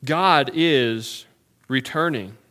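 A male pastor preaching a Sunday sermon in a church, earnest and pleading, often dropping to softer phrases. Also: mid-range voice, very slow. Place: church sanctuary.

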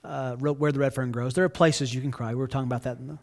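A man preaching an earnest, conversational sermon as pastor. He speaks to the listeners directly and swings from hushed, soft passages to loud outbursts. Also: medium pitch, fairly even intonation, rapid-fire.

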